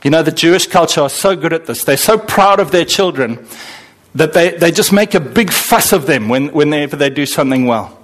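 A man from Zimbabwe, preaching a sermon with animated, dramatic swings in delivery. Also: moderate pace. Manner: animated, with sudden dramatic swings in pitch and pace. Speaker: pastor.

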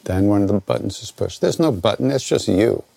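Older American male teacher, gravelly low voice, loose rambling delivery, dry close recording. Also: a little fast, no room sound. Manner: relaxed, conversational, self-interrupting. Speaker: spiritual teacher answering questions. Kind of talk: informal spoken Q&A teaching.

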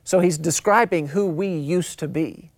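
A pastor preaching a sermon to a church congregation, emphatic, often slowing right down to stress key phrases and calling out to the listeners. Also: medium pitch, no room sound, studio quality. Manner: calls out to the congregation.

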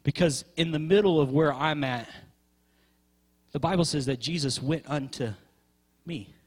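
A man's voice: on the high side, unhurried. A man preaching a sermon with passion, stretching key words and repeating phrases for emphasis.

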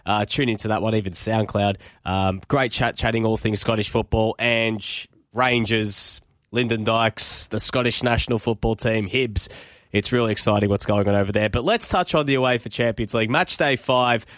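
A man's voice: on the low side, moderate pace, a bit bright, no room sound, clean studio sound. A man hosting a football podcast in casual chat, upbeat and rambling with fillers. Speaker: podcast host. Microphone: podcast microphone.

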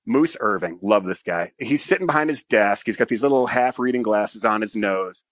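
A man, a former fighter pilot and podcast guest, telling a long casual anecdote in an animated, profane way and often tagging lines with "right?". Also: lowish voice, moderate pace, no echo.

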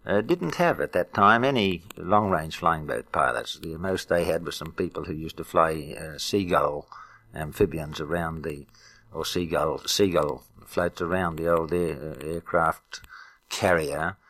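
Casting: older man, very low voice, retired pilot recalling old times, hesitant, full of "uh" fillers. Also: a bit bright. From Australia. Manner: halting, many "uh" fillers, reminiscing. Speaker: retired airline pilot, interviewee. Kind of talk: archival oral history interview. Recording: archival interview tape.

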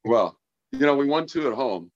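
A former baseball player chats casually on a podcast, telling long stories and often restarting them, heard over a dull, dry remote line. His medium-pitched voice has lively intonation at a normal speed, with no room sound.

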